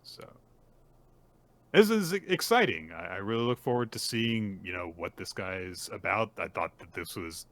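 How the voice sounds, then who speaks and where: A man co-hosting a podcast, casually recapping manga chapters and acting out the lines with quick character voices. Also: fairly low pitch. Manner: animated retelling with put-on character voices. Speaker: podcast co-host.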